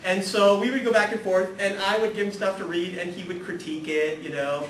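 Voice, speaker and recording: A man giving a humorous, animated spiritual talk to a live audience, acting out the people in his stories and swinging from hushed to loud. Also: sits high, a little fast, few pauses. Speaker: guest speaker at a spirituality talk series. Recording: echoey room, voice from far off, audible noise.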